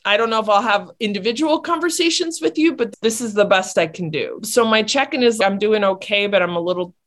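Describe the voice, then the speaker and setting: A woman who works as a teacher, chatting casually. She talks in a reflective, conversational way at a middling pitch. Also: animated, fairly quick. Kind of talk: casual chat.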